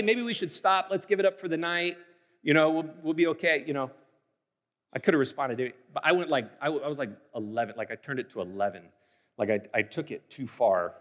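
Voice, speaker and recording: A man in his thirties, a pastor preaching a sermon, telling a personal story in a candid, animated way, full of fillers. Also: medium pitch. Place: church sanctuary. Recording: long reverb of a church hall.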